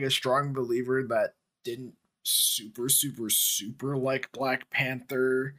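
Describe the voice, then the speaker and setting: A young man co-hosting a podcast, talking in a relaxed, laid-back way with casual swearing. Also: medium pitch. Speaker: podcast co-host. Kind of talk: casual chat.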